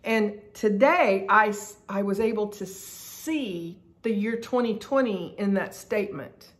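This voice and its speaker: A woman's voice: medium pitch, measured pace. A middle-aged woman leading a Bible study, reading scripture aloud and reflecting on it in an earnest, emphatic way, sometimes spelling out words for emphasis.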